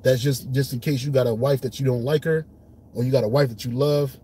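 A man's voice: mid-range voice, brisk, slight background noise. A man leading an informal Bible study, reading verses and explaining them in casual, streetwise speech. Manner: casual streetwise speech, lively when retelling scenes. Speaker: Bible teacher.

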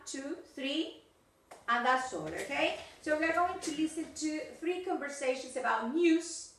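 A female English teacher with a bright, high voice records a video lesson in an echoey room, far from the mic. She talks through exercises, checking in often with "yes, okay?"

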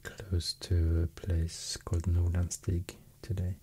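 Soft-spoken ASMR man, Swedish accent, deep and very mellow, slow hesitant whisper. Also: completely flat delivery, slight background noise. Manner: soft, mostly whispered, hesitant with many fillers. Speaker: ASMR host.

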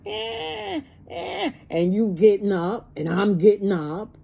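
A woman's voice: mid-range voice, measured pace, warm tone, breathy edge. A stressed woman talking plainly and emotionally in a personal vlog, acting out both sides of conversations. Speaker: vlogger. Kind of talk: personal monologue to camera.

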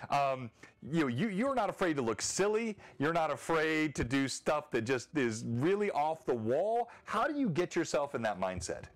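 A man hosting a casual online panel about roleplaying games, animated and quick to laugh, often restarting his sentences. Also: fairly high pitch. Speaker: show host.

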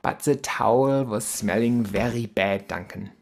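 A man's voice: fairly low pitch, a little slow, creaky. A man with a German accent, a German newcomer in a scripted comedy sketch, talking in a blunt, stiff and literal way.

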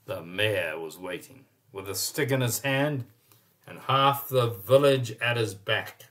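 Man reading a children's story aloud. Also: on the low side. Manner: expressive, pauses to point at pictures.

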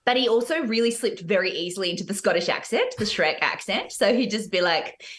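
A woman with an Australian accent, a podcast guest, chatting casually and telling animated stories about stage work. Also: medium pitch, brisk. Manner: animated storytelling with laughs. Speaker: guest, musical theatre actress.

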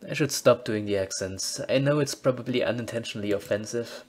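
A man's voice: mid-range voice, brisk. A man casually commentating on a game he plays, reading its text aloud and adding dry, wry asides. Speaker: let's-play host.

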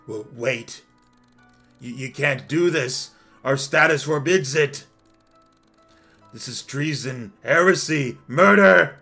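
Brief: man voicing a cornered angel councilman, shrill and stammering, bright tone. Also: steady tone, a little slow, faint music behind. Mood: panicked pleading. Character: panicked male angel council member, desperate.

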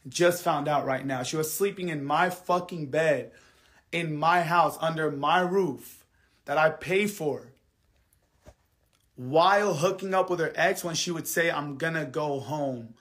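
A man ranting angrily to his livestream viewers. He swears heavily, repeats himself, and swings between quiet, subdued stretches and heated outbursts. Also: on the high side, measured pace. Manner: angry, heavily profane venting; repetitive, drops quiet then heats up. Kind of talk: live stream rant to viewers.

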